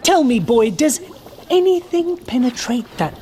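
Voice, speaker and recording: Woman doing a icy nasty male teacher, sneers and swoops around in pitch, storybook. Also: expressive, unhurried, darkish tone, slight background noise, close to an everyday voice. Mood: cold menace. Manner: icy, contemptuous, dangerous. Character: cold, menacing male schoolteacher.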